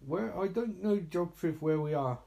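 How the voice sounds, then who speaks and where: A man's voice: high voice, a little fast, creaky, mellow. A man giving live reaction commentary on a horror movie, sarcastic and exasperated, swearing freely.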